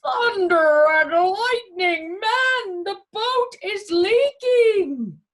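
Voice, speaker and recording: A woman voicing a boastful, bullying male pirate captain in a storybook reading, loud and gloating with rough pirate talk. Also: very high voice, animated, drawn-out words, voice pushed up, exaggerated voice. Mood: alarmed.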